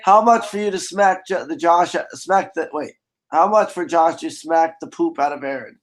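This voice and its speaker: A hoarse male streamer chats casually and jokes his way through the comments he reads aloud. His voice sits fairly high for a man. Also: moderate pace, rough recording. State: hoarse, voice partly gone. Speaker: live stream host. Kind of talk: casual live stream chat.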